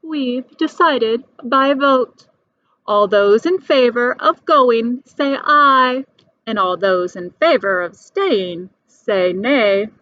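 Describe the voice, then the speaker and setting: A woman's voice: a little high, lively intonation, slow, no room sound. A woman voicing a smug, stubborn little bug who speaks in a prim, self-satisfied way, in a storybook reading. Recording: dull dry recording.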